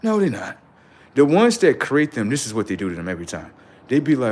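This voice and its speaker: Animated, profane man ranting on a livestream. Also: mid-range voice, fairly quick, long pauses, slight background noise. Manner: animated, profane, preachy, rising to shouts. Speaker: livestream host. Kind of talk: unscripted livestream rant.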